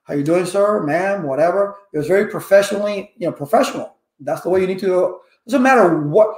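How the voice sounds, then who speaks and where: A man's voice: high voice, a little fast, reverberant. A middle-aged man teaching networking on a casual livestream, talkative and preachy, calling out viewers by name. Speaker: network engineering instructor on a livestream. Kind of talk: casual live-stream talk.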